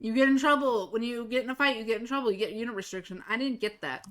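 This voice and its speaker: Casting: blunt, animated woman streamer with a bright voice, chatting while she plays. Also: a little high, fast. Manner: blunt, swears freely, animated storyteller. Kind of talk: casual chat while gaming.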